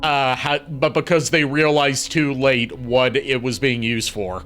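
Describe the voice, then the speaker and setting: A man's voice: mid-range voice, fairly even intonation, unhurried, a bit bright, soft background music. A man hosting a let's-play, telling rambling stories in casual commentary. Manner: rambling storyteller, laughs often. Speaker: host.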